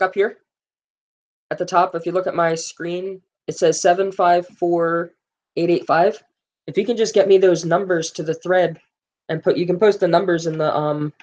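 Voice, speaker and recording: A live-stream host rambles through a game's release notes, reading figures aloud and stopping often with fillers to answer viewers in chat. The pitch sits in a middle range. The audio is a little dull and lo-fi, like a home stream mic. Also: a little mellow.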